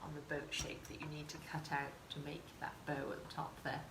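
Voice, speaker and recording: A woman's voice: low-pitched, completely flat delivery, brisk, noisy background. A woman tutor giving a chatty live sewing demonstration and talking to her viewers. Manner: chatty, encouraging, talks to viewers in chat. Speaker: craft tutor. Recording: roomy echo, faint ambience.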